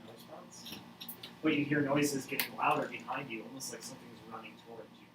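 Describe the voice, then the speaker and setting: Distant game master in a roomy space. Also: male voice, medium pitch, fairly even intonation, fairly quick. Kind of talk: narrating a tabletop game. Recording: roomy, distant mic with background noise.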